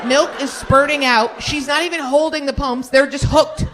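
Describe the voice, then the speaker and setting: A woman doing stand-up comedy and crowd work on a club stage, talking loudly and swinging into incredulous shouts. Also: high voice, fairly even intonation, normal speed. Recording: live club recording with crowd noise.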